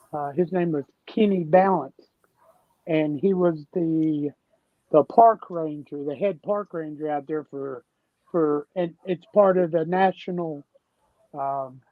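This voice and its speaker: Southern guy from tennessee rambling thru stories, real slow, kinda muffled lo-fi sound. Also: fairly high pitch, no echo. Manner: rambling, folksy storyteller. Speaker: guest. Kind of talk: casual conversation. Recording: dull, dry lo-fi sound.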